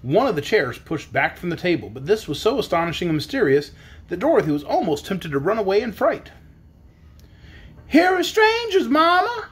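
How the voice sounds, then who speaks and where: Breathy, expressive storybook narrator. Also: male voice, on the high side, fast. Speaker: audiobook narrator.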